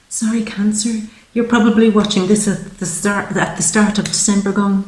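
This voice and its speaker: A woman's voice: medium pitch, fairly even intonation, darkish tone, echoey room, rough recording. A woman giving a monthly tarot reading, speaking in a heartfelt, spiritual way. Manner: slow, heartfelt, spiritual talk. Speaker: tarot reader.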